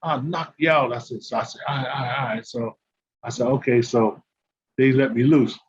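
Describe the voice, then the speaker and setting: A man's voice: mid-range voice, brisk. An older man, a podcast guest and former basketball player, telling casual stories and acting out the dialogue with laughter. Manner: animated, acts out quoted dialogue, laughs while telling. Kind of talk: casual anecdote storytelling. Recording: slightly muffled with faint background noise.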